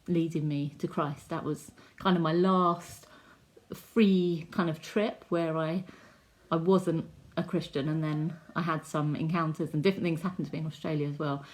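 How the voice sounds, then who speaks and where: A woman giving a personal faith testimony in an earnest, chatty storytelling way, full of likes and ums. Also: low-pitched. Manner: earnest, heartfelt. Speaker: testimony speaker.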